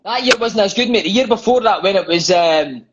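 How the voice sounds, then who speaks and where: A Scottish man with a high voice races through stories, swearing and tossing in "mate" at every turn. He talks over a phone on a live call, and the audio comes through dull and lo-fi. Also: animated, a little fast, background noise. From Scotland. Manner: swears freely, peppers speech with "mate". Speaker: interview guest. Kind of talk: storytelling in casual chat. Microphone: phone on a live video call.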